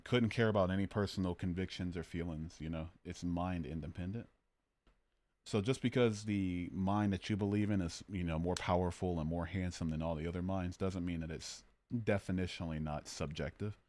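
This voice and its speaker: A man's voice: deep voice, normal speed, darkish tone. A man hosting a casual livestream, arguing about morality and joking as he reads out his chat. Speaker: livestream host.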